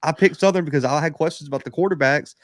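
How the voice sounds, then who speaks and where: Dude arguing football on a podcast, punchy repeated points, dry mic. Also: male voice, on the high side, fast, no room sound. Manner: emphatic, builds arguments in repeated phrases. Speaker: podcast co-host. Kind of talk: casual sports analysis.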